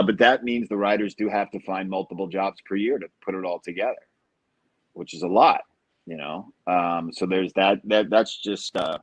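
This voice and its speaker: A middle-aged man with a lowish, husky voice speaks as a podcast guest, close and dry on the mic. He talks in a measured, reflective way, pausing on "uh" while he thinks. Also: no echo, poor audio. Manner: reflective, measured, with frequent "uh" pauses. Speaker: actor guest. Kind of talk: casual podcast conversation.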